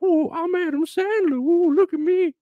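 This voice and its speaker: A man putting on a high, breathy falsetto to mock a breathless rock singer. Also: normal speed, dry recording, phone-quality sound.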